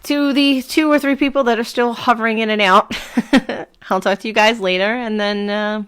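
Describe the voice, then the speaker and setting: A woman's voice: on the high side, steady tone, normal speed, a bit bright, smooth. A woman in her thirties with a Brooklyn accent, chatting on a live stream at home, rambling, laughing often and swearing casually. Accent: Brooklyn New York. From Brooklyn, New York.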